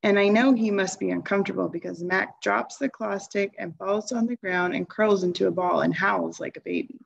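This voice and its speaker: A woman reading a children's novel aloud in a calm, even storytelling voice. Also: medium pitch, normal speed, creaky, slightly rough, highs cut off. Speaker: reader.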